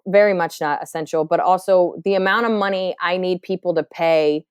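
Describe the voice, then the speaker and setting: A woman's voice: lowish voice, fairly even intonation, a little fast, smooth, no echo, clean studio sound. A woman comedian in her thirties from New Jersey, talking candidly in a podcast interview, often restarting her sentences. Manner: candid, reflective, with frequent fillers and restarts. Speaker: stand-up comedian, guest.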